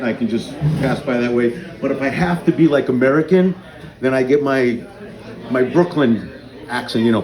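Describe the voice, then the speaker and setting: A man's voice: fairly high pitch, darkish tone. A man doing a crude stand-up set at an open mic night in a small bar, telling stories and acting out dialogue. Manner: crude, profane storytelling with acted-out dialogue. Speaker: stand-up comedian. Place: small bar with a live audience. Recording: echoey room, audience noise. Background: crowd reacting.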